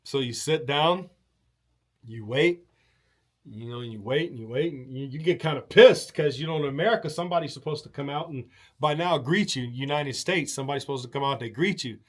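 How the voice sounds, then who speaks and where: A man's voice: mid-range voice, fairly quick. A man hosting a show, telling a rambling, casual story with many fillers, restarts and casual swearing. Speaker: show host.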